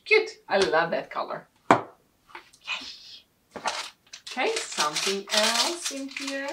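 A woman vlogger from Sweden chatting casually and excitedly as she unboxes beauty products. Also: a little high, slow. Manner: excitable, gushing over products. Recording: distant mic with clear background noise.

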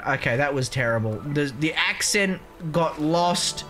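A man's voice: a little high, expressive, a little slow, hardly any pauses, pushed and bright, faint music behind. A man giving casual, rambling let's-play commentary, swearing freely and joking as he goes. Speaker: gaming channel host.

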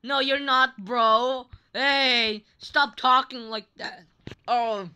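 Young woman, game commentary host; bright, unhurried, playful and teasing. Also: fairly high pitch, fairly even intonation, smooth. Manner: playful, teasing, laughing often. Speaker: gaming channel host. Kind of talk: Roblox gameplay commentary.

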